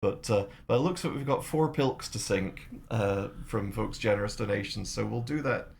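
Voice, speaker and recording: A man's voice: lowish voice, normal speed, vocal fry, slight background noise. A man co-hosting a casual live stream, rambling with many fillers and frequent laughs. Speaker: streamer co-host. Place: home room.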